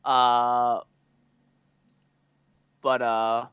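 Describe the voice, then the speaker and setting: A man's voice: mid-range voice, monotone, extremely slow, a bit bright, smooth, dry recording, dull audio. Young man rambling on a podcast. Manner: loose, rambling storytelling with many fillers. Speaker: podcast co-host. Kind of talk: casual chat.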